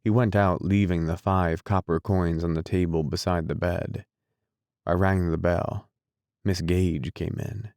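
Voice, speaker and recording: A man narrating a classic novel as an audiobook, in a measured, deliberate reading style. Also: deep voice, fairly even intonation, a little mellow, dry recording, studio quality. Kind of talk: scripted narration.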